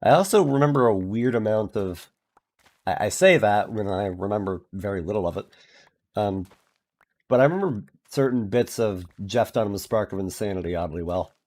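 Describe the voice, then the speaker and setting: A man's voice: fairly low pitch, expressive, moderate pace, a little mellow. A man streaming and chatting casually, rambling with lots of filler words and restarts. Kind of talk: casual chat.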